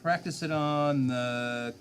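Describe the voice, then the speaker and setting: A man's voice: fairly high pitch, slow, a little hiss or hum. Chatty man streaming a mobile game. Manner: rambling, reads viewer chat aloud and answers it. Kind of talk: casual livestream chat.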